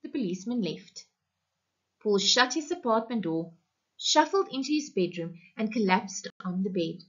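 A woman teacher reading a short story aloud for an online class, in a measured, expressive way. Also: mid-range voice, husky. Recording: muffled lo-fi recording.

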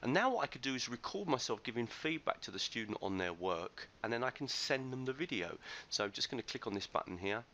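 A man's voice: mid-range voice, sing-song, fast talker, pushed and bright, slight background noise. A man giving a chatty, enthusiastic screencast tutorial as a teacher trainer, recorded on a computer microphone. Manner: chatty, enthusiastic explaining with loose restarts.

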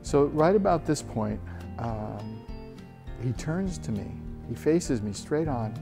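A man in his thirties telling a personal faith story in an earnest, halting way with frequent restarts. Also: mid-range voice, animated. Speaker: church member sharing a testimony. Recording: soft guitar music behind. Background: soft guitar music.

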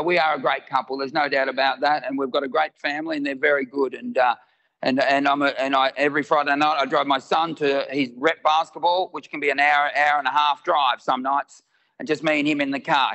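A high-pitched man in middle age, performing stand-up with a gravelly edge and a bright, sharp tone. He tells his stories in an animated way and shouts his punchlines. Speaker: stand-up comedian. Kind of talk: stand-up comedy set. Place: live venue with audience.

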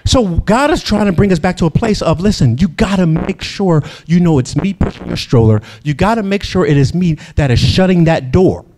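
A man preaching a sermon in an animated way, acting out quotes and laughing between lines. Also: high voice, normal speed, hardly any pauses.

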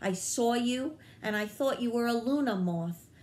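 A woman voicing a gentle, apologetic small male bat in a children's read-aloud, humble and pleading. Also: fairly high pitch, animated, unhurried, pitched above the performer's own voice.

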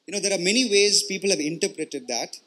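A man preaching a sermon in an earnest, conversational way. His voice sits somewhat high and sounds bright and forward. He keeps checking in with his listeners and often repeats words as he explains. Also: fast talker. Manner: earnest, explanatory, with frequent "you know" and "right?" check-ins and repeated words. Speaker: pastor.

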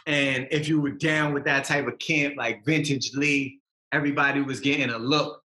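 Young rapper guy, bright voice, echoey room, real emphatic and slangy. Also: mid-range voice, steady tone, moderate pace. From Massachusetts. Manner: emphatic, slangy, repeats points forcefully. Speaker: rapper guest. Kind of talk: casual podcast interview.

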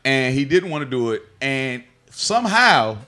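A man's voice: medium pitch, very animated, measured pace, pushed and bright. A man hosting a radio show, joking and laughing through loose, profane studio banter.

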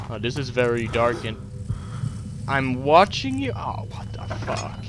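A man's voice: medium pitch, big pitch swings, unhurried. A young man commenting to himself while playing a horror game, joking and swearing between jumpy moments. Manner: talks to himself, swears, jokes, screams at scares. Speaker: gameplay commentator. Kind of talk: horror let's play commentary. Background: game music.

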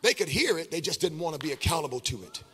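A man preaching a sermon as pastor, swinging between quiet talk and chanted, shouted call-and-response. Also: a little high, lively intonation, fast, slightly rough, long reverb tail.

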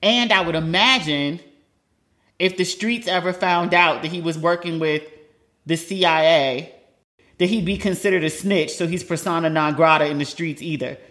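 A woman hosting a podcast, giving a blunt, animated recap of a TV episode in casual chat and swearing freely. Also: on the low side, normal speed. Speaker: podcast host.

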